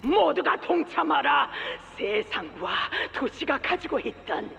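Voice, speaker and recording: A fanatical female whaling captain rants in a high, gravelly voice that leaps wildly up and down at breakneck speed. Her grandiose proclamations ring out with long hall reverb over faint game music. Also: sing-song, rapid-fire, a bit bright, muffled recording, exaggerated voice. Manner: grandiose, theatrical declaiming.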